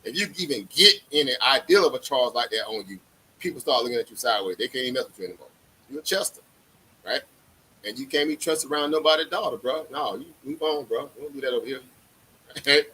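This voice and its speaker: A man's voice: medium pitch, expressive, quick pace, pushed and bright, a little hiss or hum, poor audio. A man hosting a livestream in casual chat, laid-back and slangy, laughing often. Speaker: livestream host.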